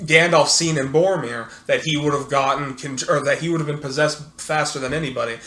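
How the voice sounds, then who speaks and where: A man with a bright, forceful voice pitched a little high, arguing hard in casual chat. He is loud and profane, and he breaks into laughs often. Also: fairly quick. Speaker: podcast co-host.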